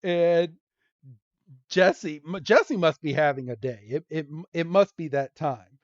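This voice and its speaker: A man hosting a podcast, recapping a cartoon episode in a casual, giggly, animated way. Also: on the high side, unhurried, dry recording, highs cut off. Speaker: podcast host.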